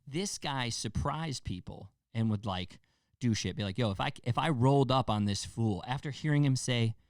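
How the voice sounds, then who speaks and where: A man's voice: medium pitch, dry recording, studio quality. A young man hosting a podcast, rambling and joking casually with plenty of profanity. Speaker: podcast host. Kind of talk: casual monologue.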